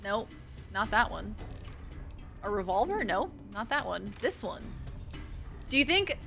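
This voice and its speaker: A woman's voice: mid-range voice, big pitch swings, measured pace, vocal fry, fairly bright tone, soft background music. A woman streamer chatting casually with viewers while playing a game, swearing when things go wrong. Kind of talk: casual gameplay commentary.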